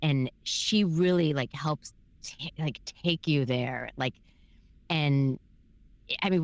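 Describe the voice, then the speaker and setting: A woman voice actor chatting casually in an interview, talking in a loose, filler-heavy, animated way. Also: sits low, dry recording. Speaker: voice actor guest.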